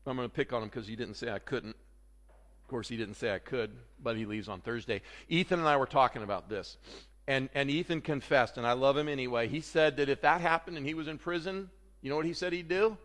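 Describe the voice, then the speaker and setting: A man preaching a sermon, animated, swinging between loud outbursts and hushed remarks. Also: mid-range voice, long reverb tail. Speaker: pastor.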